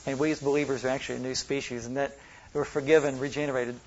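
A man from Oklahoma and Texas teaching a Bible study workshop, who slows down to stress single words when he reads scripture. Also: mid-range voice, level tone, lo-fi sound, a little hiss or hum.

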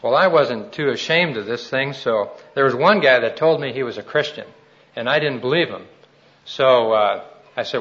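A man's voice: medium pitch, normal speed, a bit bright, dull audio. Earnest, folksy man preaching a testimony. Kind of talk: sermon with personal testimony.

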